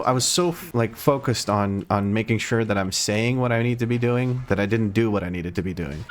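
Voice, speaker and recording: Young guy talking thru his game nonstop, kinda low voice, puts himself down a lot, light hiss. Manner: rambling, self-deprecating, talks through every move. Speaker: gaming video host. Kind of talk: live gameplay commentary.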